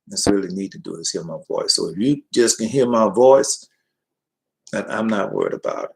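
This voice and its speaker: A man's voice: fairly low pitch, lively intonation, a little fast, creaky, a little mellow, rough recording. A man preaching in a rambling, folksy way, talking straight to his listeners and reading scripture between tangents. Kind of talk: informal livestream preaching.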